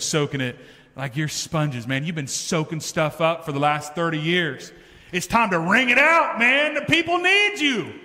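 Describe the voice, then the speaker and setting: A man's voice: high voice, pushed and bright. A man preaching a sermon as pastor, talking to the congregation in an emphatic, conversational way that builds in intensity. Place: church sanctuary. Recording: reverberant church hall.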